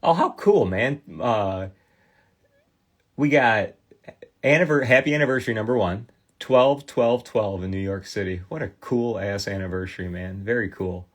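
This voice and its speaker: A man's voice: lowish voice, moderate pace. A man in his forties from Michigan with a Midwestern accent, chatting casually with viewers as a livestream host, full of fillers and restarts. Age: 40s. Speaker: livestream host restoring trading cards.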